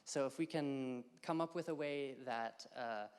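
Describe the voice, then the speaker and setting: A man's voice: mid-range voice, unhurried, a little mellow, clean tone, in a large hall. A man giving a casual academic slide talk to a live audience, with many ums and uhs. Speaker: workshop presenter. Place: lecture hall.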